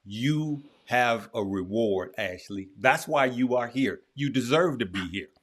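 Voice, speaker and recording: Unhurried and lively in intonation, a man with a mid-range voice hosts a livestream and chats casually. His delivery is emphatic and repetitive, full of restarts, as he encourages listeners warmly like a preacher.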